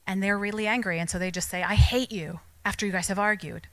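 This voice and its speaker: Woman addressing parents, bright tone, close dry sound, acts out quotes. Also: mid-range voice, fairly even intonation, rapid-fire, dry recording, rough recording. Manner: code-switching, acts out children's quotes. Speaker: speaker at a church parenting talk. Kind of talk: talk to parents.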